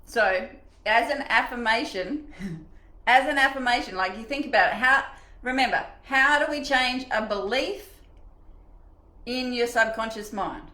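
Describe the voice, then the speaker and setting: A middle-aged woman leading a live online coaching session in a chatty, animated way, acting out the voices in her head. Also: a little high, measured pace, echoey room, poor audio. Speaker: mindset coach.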